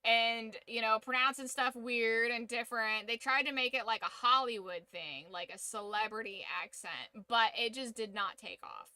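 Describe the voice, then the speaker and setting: A woman's voice: fairly high pitch, moderate pace, few pauses, bright, forceful tone. A woman hosting a casual livestream, giving an opinionated, profanity-laced rant. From United States. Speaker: streamer and channel host.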